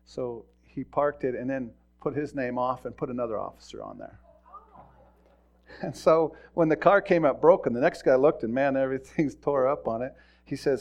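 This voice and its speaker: A man's voice: mid-range voice, a little fast, darkish tone, muffled recording. A middle-aged man, a pastor, giving a folksy sermon full of stories, often repeating words and chuckling as he tells them. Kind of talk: sermon with storytelling.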